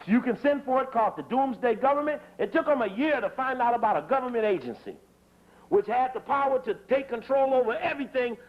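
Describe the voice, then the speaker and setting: High-voiced man lecturing in a hurry. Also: expressive. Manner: hurried, emphatic, profane, repeats phrases. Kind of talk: fiery political lecture. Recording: dull lo-fi tape recording.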